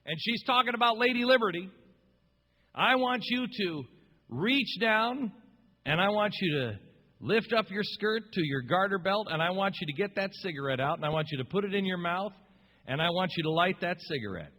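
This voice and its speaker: A man putting on a loud, fawning, theatrical voice for a scheming, flattering ad man. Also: sits high, normal speed, voice pushed up, full character voice. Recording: long reverb.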